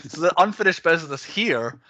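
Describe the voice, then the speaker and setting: A man's voice: fairly high pitch, expressive, fairly quick, bright, forceful tone, dull audio, slight background noise. A man hosting a casual podcast chat, laughing often as he steers the talk. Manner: laughs often, runs the segments. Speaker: podcast host.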